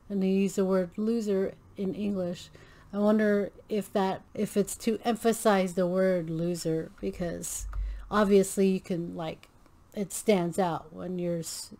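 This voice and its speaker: A Filipino American woman hosts a reaction video, gushing and thinking aloud with plenty of restarts and fillers. Her mid-range voice is a little mellow, and the commentary is casual.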